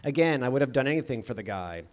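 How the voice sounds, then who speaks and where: Deadpan male audiobook narrator. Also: mid-range voice, quick pace. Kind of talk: scripted first-person narration.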